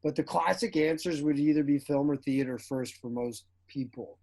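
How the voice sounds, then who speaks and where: Male actor guest, animated storyteller, fairly high voice. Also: moderate pace. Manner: animated storyteller who acts out quotes, laughs often. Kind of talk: casual interview chat.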